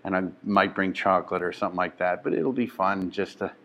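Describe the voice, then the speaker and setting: Male comic host, low-ish voice, hushed rambling chat, phone mic in a club lobby. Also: a little fast, creaky, muffled recording. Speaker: comedian and show host. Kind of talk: casual chat. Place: club lobby during a show.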